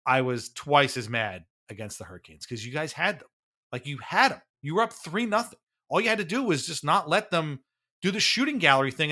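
A man's voice: a little high, bright, forceful tone. A man co-hosting a sports podcast, ranting in exasperation with frequent swearing and laughs. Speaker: podcast co-host. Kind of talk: casual sports talk.

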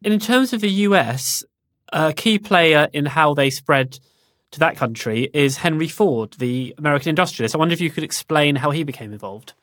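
A podcast host interviewing a guest with measured questions. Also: medium pitch, fairly bright tone, no room sound, studio quality.

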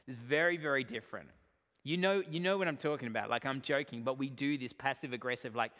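A male pastor giving a sermon to his church, earnest and direct, swinging from emphatic points to quiet asides. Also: mid-range voice, quick pace. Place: church sanctuary. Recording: long hall reverb.

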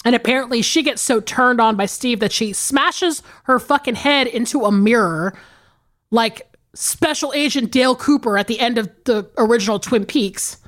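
A woman's voice: fairly high pitch, moderate pace. A woman in her forties co-hosting a podcast, chatting casually about movies with lots of profanity and laughter. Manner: animated, profane, laughing storyteller. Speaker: podcast co-host.

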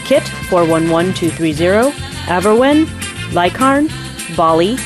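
A woman's voice: fairly low pitch, expressive, a little slow. Woman reading names over jingle music.

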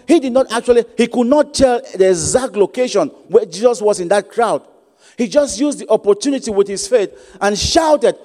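A man's voice: high-pitched, expressive, moderate pace, warm tone. A man preaching a sermon as guest preacher, repeating key phrases for emphasis. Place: church sanctuary. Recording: long church reverb.

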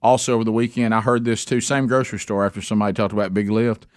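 A man's voice: fairly low pitch, rapid-fire, no room sound, studio quality. A middle-aged man, hosting a radio show and telling casual stories. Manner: storytelling, animated when quoting himself. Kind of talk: casual chat.

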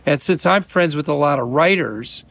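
A man's voice: fairly high pitch, normal speed, creaky, a bit bright, no echo. A man from the American Midwest, an actor guest in a casual interview, rambling and restarting his sentences with amusement.

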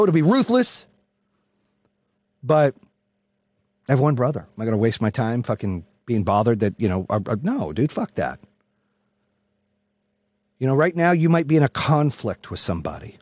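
A man hosting a podcast who gives a loud, blunt, profane motivational speech, yelling to fire up his listeners. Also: mid-range voice, breathy edge, no echo. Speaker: podcast host and business coach.

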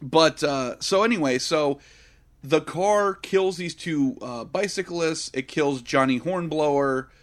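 Brief: young male podcast co-host, slightly high pitch, profane storyteller. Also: takes it slowly. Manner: profane, jokey, acts out characters. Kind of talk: casual movie review chat.

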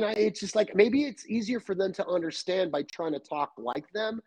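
Serbian-accented guest, middle-aged man, chatty storyteller, slightly high, dry. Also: normal speed, dry recording. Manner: animated, loose storytelling with many fillers. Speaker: podcast guest. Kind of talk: casual chat.

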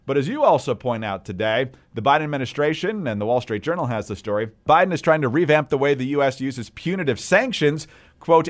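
A man co-hosting a political podcast, reading news quotes aloud in a measured, wry way and adding commentary between them. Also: mid-range voice, lively intonation. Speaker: podcast co-host.

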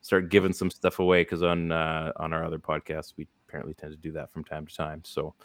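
A man's voice: extremely low pitch, monotone, fast, no echo. A man hosting a casual sports podcast, rambling through advice with lots of fillers. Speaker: podcast host. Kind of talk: casual fantasy sports chat.

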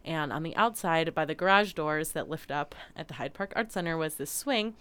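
A woman telling a story in casual chat, animated and laughing often. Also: sits low, moderate pace, smooth.

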